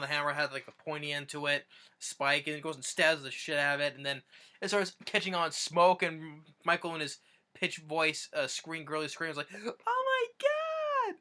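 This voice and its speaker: Rambling bright-voiced young man. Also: a little high. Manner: rambling, many restarts and fillers. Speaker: YouTuber. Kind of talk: casual video recap.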